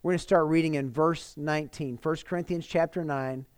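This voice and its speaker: A man pastor giving a livestreamed sermon in an earnest, conversational way, often pausing on fillers. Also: fairly high pitch, steady tone, clean tone, no echo.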